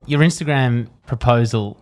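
A man hosting an interview, asking questions in a relaxed, friendly way. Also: medium pitch, moderate pace. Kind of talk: casual interview.

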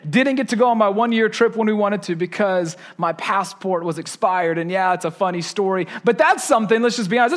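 High-voiced man preaching with humor. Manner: animated, self-deprecating, conversational. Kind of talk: sermon with personal storytelling.

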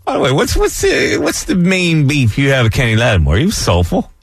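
Male radio host, casual banter, animated pitch, halting restarts, close dry mic. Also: no room sound. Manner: animated, halting, repeats words while defending his view. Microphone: studio microphone.

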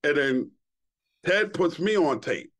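A man's voice: on the high side, takes it slowly. A middle-aged man, a podcast guest telling casual, profane stories and acting out the quotes. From Queens, New York. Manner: animated, profane, acts out quotes. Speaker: podcast guest, former TV host. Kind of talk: casual storytelling chat.

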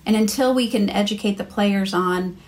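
A woman's voice: medium pitch, moderate pace, a little mellow. Chatty American woman telling stories. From United States. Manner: chatty storyteller, many fillers and restarts. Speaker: marketing executive guest. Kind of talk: casual podcast interview.

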